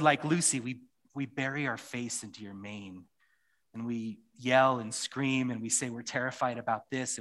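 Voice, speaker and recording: A man's voice: medium pitch, fairly bright tone. A man preaching a sermon and leading a closing prayer, speaking earnestly and often repeating phrases. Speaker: pastor.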